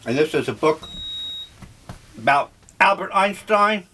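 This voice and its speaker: An older man talking over breakfast in a slow, musing, rambling monologue. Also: high-pitched, lively intonation, bright, forceful tone, slight background noise. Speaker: vlogger.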